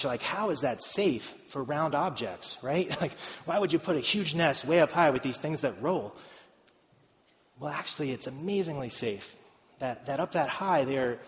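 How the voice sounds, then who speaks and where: Conversational preacher in an echoey hall. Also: male voice, mid-range voice. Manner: conversational, joking asides to the congregation. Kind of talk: sermon. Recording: echoey hall, dull lo-fi sound.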